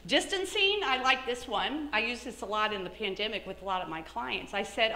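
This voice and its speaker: A middle-aged woman giving a motivational talk as keynote speaker, animated, acting out her own thoughts in lively asides. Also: fairly high pitch, a little fast, hardly any pauses, roomy sound. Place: lecture hall.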